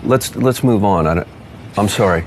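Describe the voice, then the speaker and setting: Deep-voiced deadpan male interviewer. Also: normal speed, a little hiss or hum. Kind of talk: mock interview comedy.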